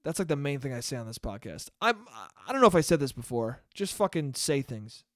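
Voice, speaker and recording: A man's voice: mid-range voice, big pitch swings, a little fast, fairly bright tone, no room sound, clean studio sound. A young man hosting a solo podcast, telling a rambling, profane, self-deprecating story in a casual monologue. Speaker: podcast host.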